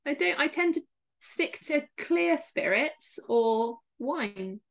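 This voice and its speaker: Casting: West Country English woman, friendly guest, fairly high voice with a gravelly edge, giggly and self-mocking. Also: lively intonation, slow pace. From Somerset, England. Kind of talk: casual conversational interview.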